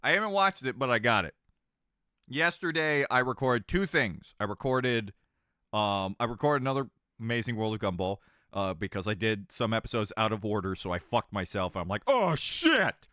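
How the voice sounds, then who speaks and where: Bright and forceful, this fairly low male voice moves at a moderate pace, carrying a slight Southern American twang. In clean studio audio with no room sound, he chats casually with live-stream viewers, rambling, joking, and laughing mid-sentence.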